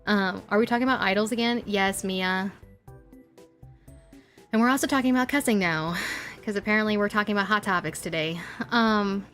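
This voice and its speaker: A young woman streaming and chatting casually, animated and ranting, laughing often and filling with likes and ums. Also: mid-range voice, brisk, soft background music. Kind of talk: casual live-stream chat while drawing.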